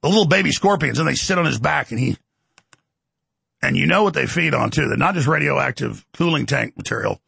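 A high-pitched, very gravelly man rants through political commentary at a fast clip, his voice leaping up and down. His tone is bright and tense with a husky rasp, and the sound is dry and close. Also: dry recording. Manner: rapid, ranting, animated, with mocking impressions. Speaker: host.

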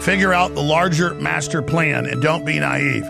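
A middle-aged man hosting a talk show, delivering a forceful, rapid, ranting monologue from a studio. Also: fairly high pitch, gravelly, over loud music. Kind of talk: impassioned talk radio monologue.

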